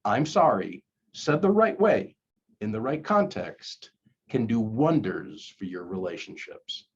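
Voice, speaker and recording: A man's voice: lowish voice, huge pitch swings, measured pace, husky. An older man, a conflict coach, giving earnest, coaxing advice straight to the camera and acting out sample apologies. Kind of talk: direct-to-camera advice talk. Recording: dull lo-fi recording.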